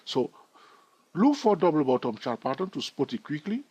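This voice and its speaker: A man's voice: fairly high pitch, sing-song, moderate pace, warm tone, husky, dry recording. A man giving a screen-recorded chart tutorial in a chatty way, thinking aloud and asking his viewers questions. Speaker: trading educator.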